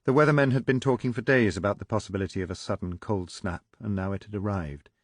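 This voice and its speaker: The clean, dry studio recording features a man with a lowish voice narrating a political thriller. He delivers the scripted audiobook text evenly and with measured pacing.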